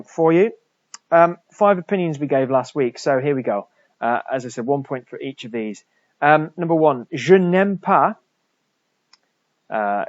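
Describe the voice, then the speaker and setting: A man, a French teacher, talking through a recorded lesson for pupils and slowly repeating French words for them to copy. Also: medium pitch, no room sound, muffled recording.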